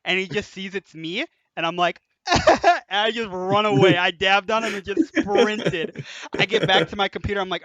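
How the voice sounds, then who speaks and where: A young man hosting a casual podcast, telling animated stories, laughing and swearing freely as he talks. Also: high voice, normal speed, no room sound. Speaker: podcast host. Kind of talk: casual storytelling chat.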